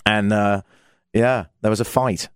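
A man's voice: lowish voice, fairly even intonation, a little slow, clean tone, no room sound. A man from England with a London accent, co-hosting a casual comedic chat and telling stories with dry jokes. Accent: London English. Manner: dry, joking storyteller. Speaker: co-host.

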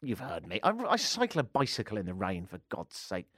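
A man's voice: on the low side, big pitch swings, fairly quick, a bit bright, dry recording, clean studio sound. An English man hosting a radio show, telling a sarcastic, self-deprecating story in casual banter. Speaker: radio host.

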